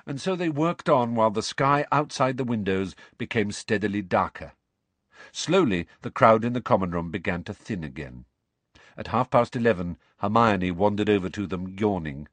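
A man narrating a storybook as an audiobook, in an expressive storytelling way. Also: deep voice, moderate pace, no echo. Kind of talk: scripted narration.

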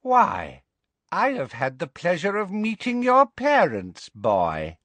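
A man voicing a cruel, gleeful witch who taunts her captives in a shrill, relishing way. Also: huge pitch swings, slow, fairly bright tone, no room sound, exaggerated voice. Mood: gloating.

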